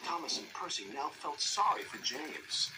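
A man narrating a children's train storybook in an expressive way. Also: fairly high pitch, normal speed, background noise. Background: music.

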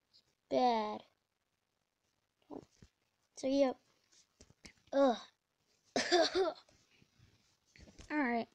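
Slow rambly woman gamer, gravelly voice, dry close sound, yelps now and then. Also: sits high, no echo. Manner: rambling, with sudden excited exclamations. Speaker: let's play gamer. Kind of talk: casual gameplay commentary.

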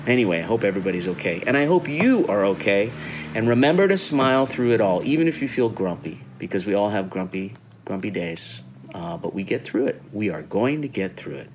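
A middle-aged man reading a children's picture book aloud in a friendly, animated storytelling manner. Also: fairly low pitch, brisk, a little hiss or hum. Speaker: guest reader.

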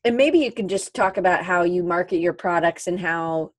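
A woman's voice: fairly low pitch, moderate pace, no room sound. A woman hosting a podcast interview, chatting casually and reading out listener questions. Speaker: podcast host.

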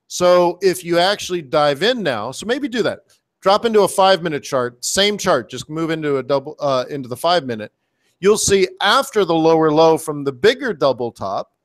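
Trading coach, male, slightly high voice, excitable, slangy, talking over a webcam stream. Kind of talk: live trading commentary. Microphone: webcam setup.

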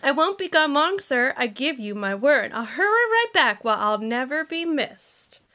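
A woman's voice: high voice, sing-song, measured pace, sharp tone, heavily acted. A woman voicing a lazy, bored female bird who coaxes others, in a sing-song storybook reading. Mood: coaxing.

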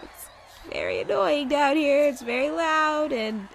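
A woman's voice: high-pitched, unhurried, creaky, slight background noise. A young woman giving casual, sarcastic let's play commentary, talking to the game's creatures as she plays. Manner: animated, sarcastic, talks to game creatures.

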